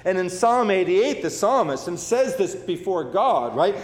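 A male preacher with a fairly high voice gives a sermon at a slightly slow pace, his pitch swinging widely. He is emphatic and repetitive, full of fillers, often stopping to restart phrases. Long, roomy reverb makes it sound like a large church sanctuary or echoey hall.

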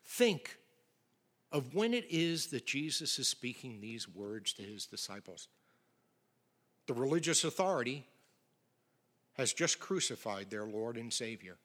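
A middle-aged male pastor preaching a sermon with emphatic swings from loud declarations to near whispers. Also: mid-range voice, expressive, a little slow, pauses often.

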